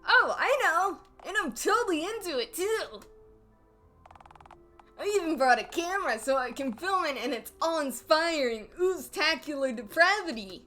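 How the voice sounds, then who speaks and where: A woman's voice: sits high, animated, moderate pace, bright, forceful tone, soft background music, pitched above the performer's own voice. A woman voicing snarky phone-headed carnival characters, reading game dialogue aloud in a sardonic, teasing manner.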